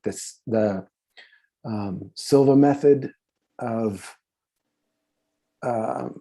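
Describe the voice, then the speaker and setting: A podcast guest in his fifties tells casual, conversational stories that ramble and turn profane, packed with fillers and false starts. His voice is lowish and warm.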